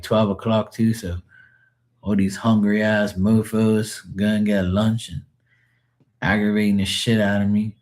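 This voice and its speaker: A man's voice: lowish voice, darkish tone. A man in his forties chatting casually on a live stream, rambling through profane stories.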